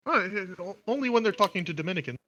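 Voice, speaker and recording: A man joking around in casual podcast banter, laughing often between lines. His voice is bright and forward. It sits a touch higher than most men's. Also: lively intonation, a little fast.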